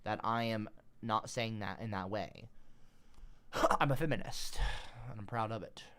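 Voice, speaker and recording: A man's voice: on the low side, measured pace, a bit bright, smooth. A man livestreaming, talking casually to his chat, rambling and irritable, swearing often.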